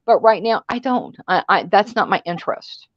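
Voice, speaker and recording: A woman's voice: mid-range voice, animated, moderate pace, no echo, lo-fi sound. Blunt, bossy woman on a livestream. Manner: blunt, bossy and name-calling. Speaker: panel co-host. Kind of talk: casual livestream chat. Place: online livestream panel.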